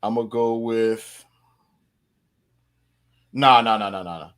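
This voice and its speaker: A man speaking as a guest in a casual movie review chat, animated and full of stammering restarts. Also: on the low side, slow, clear, resonant tone. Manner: animated, stammering restarts, frequent "you know".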